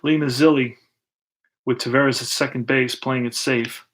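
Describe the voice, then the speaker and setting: A man's voice: medium pitch, normal speed, noisy background. A man hosting and narrating a tabletop baseball replay in a casual play-by-play style, thinking aloud as he rolls dice and pulls cards. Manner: relaxed, thinks aloud while rolling dice and pulling cards.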